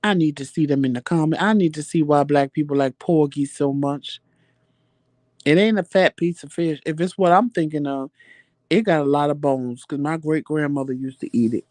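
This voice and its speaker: Man hosting a loose live chat, slightly high voice, dry close sound, swears freely, animated storyteller. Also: normal speed, no echo. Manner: animated, profane, laughing storyteller. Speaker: livestream chat host. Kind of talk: casual live chat answering viewer comments.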